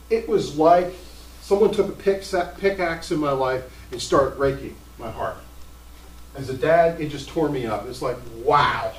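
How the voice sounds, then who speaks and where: Middle-aged male pastor, animated emphatic preaching, slightly high voice, roomy hall sound picked up from a distance. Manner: animated, emphatic storytelling with sudden pitch jumps. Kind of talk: sermon.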